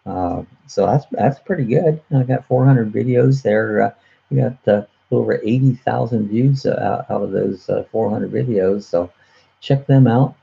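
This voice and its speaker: A man's voice: lowish voice, a little slow, vocal fry, mellow, slightly rough, dull audio. A man hosting a casual live chat on his own channel, rambling with lots of fillers and chuckles, recorded on a computer webcam mic. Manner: chuckling, many uh fillers and restarts. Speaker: host of a live chat show.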